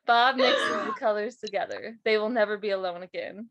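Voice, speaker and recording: High-voiced woman, playful podcast co-host. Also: sing-song, takes it slowly, long pauses, fairly bright tone, no echo. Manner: laughing, playful, apologetic asides. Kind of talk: casual chat, reading comedy scripts aloud.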